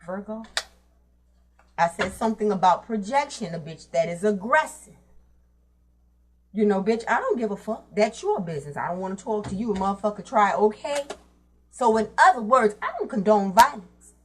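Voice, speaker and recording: A woman's voice: mid-range voice, animated, moderate pace, darkish tone. A woman giving a casual tarot reading to her viewers, talking bluntly in streetwise slang and cursing freely. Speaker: tarot reader.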